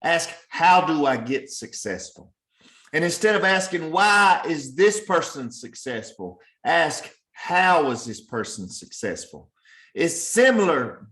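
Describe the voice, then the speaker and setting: A man's voice: on the high side, fairly bright tone, roomy sound. A man giving an earnest, repetitive motivational talk as a sales trainer, pressing his point again and again.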